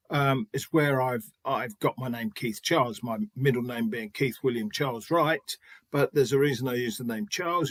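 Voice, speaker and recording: A middle-aged man with a mid-range voice, recorded without echo, is a spiritualist medium telling anecdotes in an interview. He's chatty, often restarting his sentences and acting out quoted dialogue.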